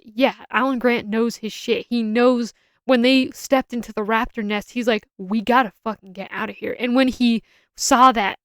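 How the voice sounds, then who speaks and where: Young woman rambling through a movie review, kinda high voice, super dry close sound. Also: clear, resonant tone, dry recording. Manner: rambling, opinionated, frequent self-restarts. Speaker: film reviewer. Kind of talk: casual spoken film review.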